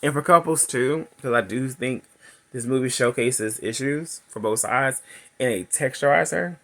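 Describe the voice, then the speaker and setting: A man in his thirties giving a chatty, laughing movie recap and review, acting out characters' lines in a high voice. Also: normal speed, a bit bright.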